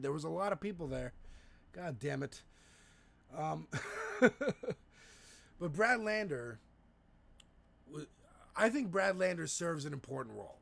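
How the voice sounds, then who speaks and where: A man's voice: fairly high pitch, big pitch swings, takes it slowly, vocal fry, long pauses, fairly bright tone. A man co-hosting a casual political livestream, talking in a profane, rambling way with frequent restarts. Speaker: livestream co-host. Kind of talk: casual political talk stream.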